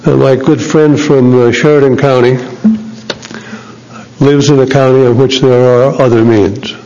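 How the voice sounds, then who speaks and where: A male legislator gives a deliberate, carefully paced floor speech, stopping to restart a thought now and then. His mid-pitched voice carries a long echo off the chamber walls. The audio is dull and muffled. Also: fairly even intonation, a little mellow. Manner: measured, deliberate, with pauses and restarts. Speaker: state legislator. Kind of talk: formal floor debate speech.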